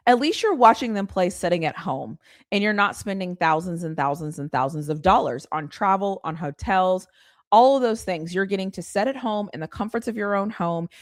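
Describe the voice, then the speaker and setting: A woman's voice: on the low side, no echo. Woman ranting on a live stream, voice bouncing all over, dry close sound, laughs a lot. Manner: animated, exasperated ranting with frequent laughs. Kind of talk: casual live sports chat.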